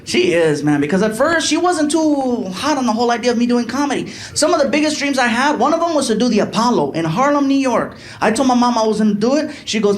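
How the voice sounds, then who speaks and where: Casting: middle-aged male stand-up comic, high voice, animated storyteller with crowd work, live stage mic. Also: fast talker, few pauses, a little hiss or hum. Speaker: stand-up comedian.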